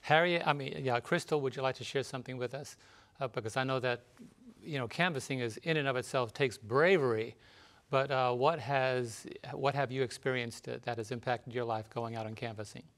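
A man's voice: medium pitch, brisk, a bit bright. A man hosting an interview, asking guests questions and affirming their answers. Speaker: talk show host. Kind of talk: studio interview.

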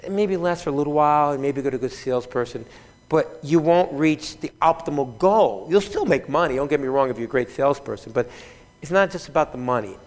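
A man, a fitness trainer, telling stories in an animated, chatty way at a conference, often chuckling as he speaks. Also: on the high side, a little fast. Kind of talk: keynote storytelling. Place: large conference hall. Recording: reverberant conference hall.

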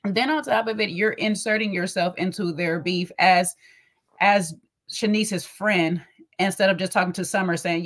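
A woman with a lowish voice breaking down a reality-TV episode in casual podcast chat. She is emphatic and sassy, and acts out mock lines for the people she is talking about. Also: moderate pace. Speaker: podcast co-host.

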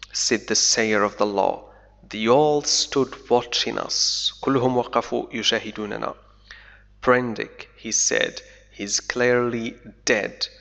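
A man who speaks Arabic natively, teaching English by reading a novel slowly line by line and then quickly explaining each line in Arabic. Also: medium pitch, gravelly, a bit bright. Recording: dull lo-fi audio with long reverb.

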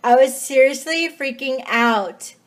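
A woman and mother filming a casual how-to vlog in her home kitchen, talking into an iPad she holds in one hand, chatty and bursting into excited cheers. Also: high-pitched, slow. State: out of breath. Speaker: home DIY vlogger and mother. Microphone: iPad held in one hand. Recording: noisy home recording.

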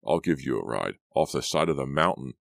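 A man reading a sullen, blunt teenage boy with a very deep, gruff voice. He shrugs others off in an audiobook scene. The sound is close and dry. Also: animated, brisk, fairly bright tone, dry recording, full character voice. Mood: dismissive.

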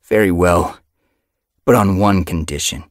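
A man voicing a hurt, angry young tom cat warrior with a sharp, accusing manner. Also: low voice, unhurried, dry recording, clean studio sound. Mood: cold.

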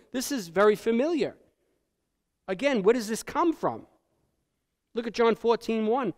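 A male pastor preaching a sermon in a church, emphatic and dynamic, swinging between loud peaks and hushed lows. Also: expressive, moderate pace, pauses often. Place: church sanctuary. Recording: long church hall reverb.

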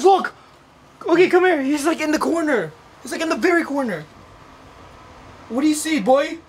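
A young man hosting a nighttime ghost-hunt vlog, his voice high and swinging wildly up and down as he repeats himself and exclaims at every noise. It is a noisy home-video recording made with a handheld camera indoors in the dark. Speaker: YouTube host.

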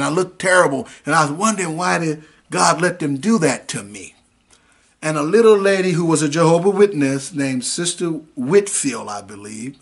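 A man's voice: fairly high pitch, fairly bright tone, husky. A man preaching a sermon over the internet, mixing scripture with a dramatic personal testimony in a folksy manner. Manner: folksy, dramatic storytelling, acts out voices. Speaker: minister.

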